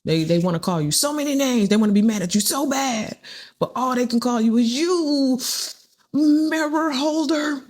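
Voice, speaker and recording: A woman's voice: a little high, fairly quick, darkish tone. Chatty woman giving a tarot reading. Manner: chatty, repeats phrases, acts out quoted people. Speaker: tarot reader. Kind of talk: casual spiritual tarot reading.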